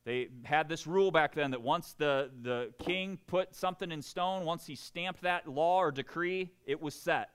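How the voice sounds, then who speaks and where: Brief: animated male preacher, playful asides, slightly high voice, keeps asking the congregation for agreement. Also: moderate pace, few pauses, clear, resonant tone. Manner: animated and joking, keeps asking the room "right?". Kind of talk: sermon.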